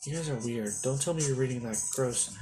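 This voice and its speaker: Man voicing a blunt kid ninja, grossed out, middle pitch, music behind. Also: fairly quick, lightly acted. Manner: blunt, disgusted.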